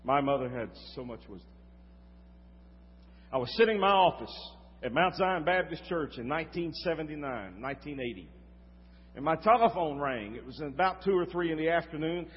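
An older man preaching a sermon, telling a personal story with dramatic swings from loud to hushed. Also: fairly high pitch, animated, fairly quick. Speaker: pastor. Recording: reverberant hall, slightly dull sound.

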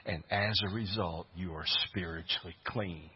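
Earnest preacher in an echoey hall. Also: male voice, low-pitched, moderate pace, slightly rough, dull audio. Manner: earnest preaching, swelling to loud fervent peaks. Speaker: pastor. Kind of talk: sermon.

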